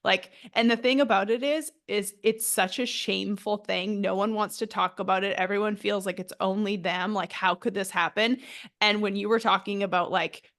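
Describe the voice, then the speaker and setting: Woman podcast host, gravelly voice, in tears, candid and blunt, swears freely. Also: medium pitch, steady tone, normal speed, fairly bright tone. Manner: emotional, tearful, blunt with swearing. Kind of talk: candid interview chat.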